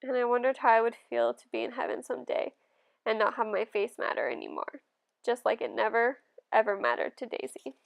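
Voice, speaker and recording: An audiobook reader narrates a first-person novel gently and steadily, at a fairly quick pace. Her somewhat high voice has a gravelly, creaky edge, and the telling stays calm and even.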